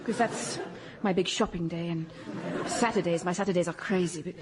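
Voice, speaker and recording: An actress playing a melodramatic Swedish former sweetheart in a radio comedy, rambling and breathy. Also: female voice, lowish voice, normal speed, heavy background noise, natural voice. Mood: wistful. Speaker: lead character in radio sitcom.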